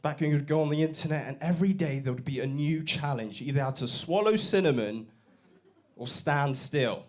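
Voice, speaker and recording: A man's voice: a little high, fairly quick. A young man from Bristol doing a brash, sweary stand-up set in a comedy club, baiting the crowd on a handheld mic. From Bristol, England. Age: young adult.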